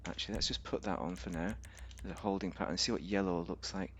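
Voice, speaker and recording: A man's voice: low voice, fairly even intonation, fast talker, fairly bright tone, slight background noise. A man giving rambling, casual commentary on a game, thinking aloud with fillers and restarts. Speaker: game reviewer.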